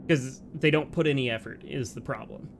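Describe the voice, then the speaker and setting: A man's voice: mid-range voice, brisk, slight background noise. A man co-hosting a let's play, chatting casually and laughing often, with lots of "like"s between his points. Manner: animated, laughs often, talks in bursts with many "like"s. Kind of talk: casual gameplay commentary.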